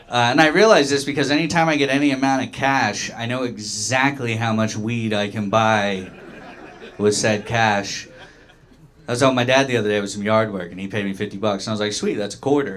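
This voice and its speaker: A man's voice: fairly low pitch, normal speed, fairly bright tone. A young man from Oklahoma doing a loose, self-mocking stand-up comedy set in a small dive bar, acting out the voices of other people.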